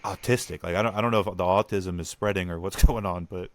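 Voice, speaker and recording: A young man co-hosting a casual podcast chat, animated and mocking others in put-on voices. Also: sits low, quick pace. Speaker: podcast co-host.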